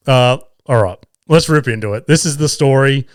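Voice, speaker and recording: Swearing Australian podcast host, dry mic. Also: male voice, mid-range voice, moderate pace, no echo. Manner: profane, laughing, animated anecdote telling. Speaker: father of two young boys. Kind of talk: casual storytelling.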